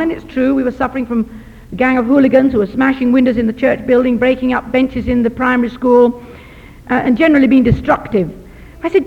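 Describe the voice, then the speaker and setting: A woman with a high voice tells a sermon story, lively and gently self-mocking. The recording is dull and muffled, and a long hall reverb trails behind her words. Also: brisk, slightly rough. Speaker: missionary doctor and speaker.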